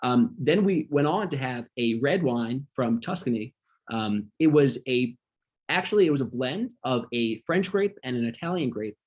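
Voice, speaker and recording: A man leading a casual online wine class, talking through slides with a relaxed manner and frequent ums. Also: medium pitch, breathy edge. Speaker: wine workshop instructor.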